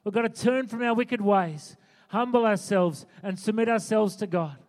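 Fervent high-voiced preacher. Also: male voice, normal speed, a little mellow. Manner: fervent, urgent, repeats phrases for emphasis. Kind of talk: sermon. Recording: long hall reverb.

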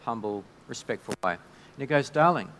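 Man, pastor, chatty sermon, mid-pitched, echo of a church hall. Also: fairly bright tone. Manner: conversational, halting, with many restarts. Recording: long hall reverb.

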